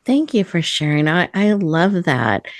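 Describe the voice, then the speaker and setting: Low-voiced woman host, dry close sound. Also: big pitch swings, unhurried, no echo. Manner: warm, affirming, thanks guest often. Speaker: podcast host. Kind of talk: interview hosting.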